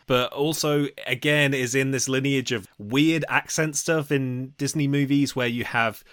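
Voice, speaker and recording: A man's voice: medium pitch, fairly even intonation, measured pace, fairly bright tone, smooth, dry recording, studio quality. A man co-hosting a film podcast, chatting bluntly and giving frank opinions in casual discussion. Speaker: podcast co-host.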